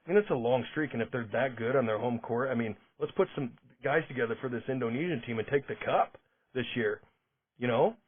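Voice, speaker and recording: A man's voice: mid-range voice, fairly quick, husky. A man hosting a podcast, talking through news stories in a rambling, self-interrupting way. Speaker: podcast host. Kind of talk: casual monologue. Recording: tinny phone-like sound.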